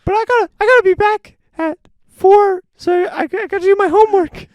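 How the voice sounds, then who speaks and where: A podcast host voicing a squeaky little boy who pretends to be a street racer, in a loud, high mocking kid voice. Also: fairly quick, no echo. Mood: mock-tough.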